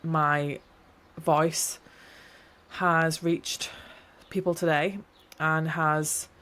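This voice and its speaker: Speaking very slowly and with a flat delivery, a woman with a slightly low voice hosts a reflective solo podcast. She rambles warmly, encourages her listeners, and often restarts sentences to correct herself.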